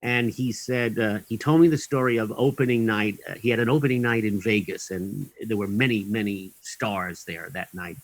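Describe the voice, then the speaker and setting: A man's voice: fairly low pitch, fairly even intonation, normal speed, hardly any pauses, dry recording, poor audio. Guy telling a long showbiz story, lots of ums and little laughs, dry close sound. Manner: rambling, with many ums and chuckles. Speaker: guest. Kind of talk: anecdotal interview storytelling.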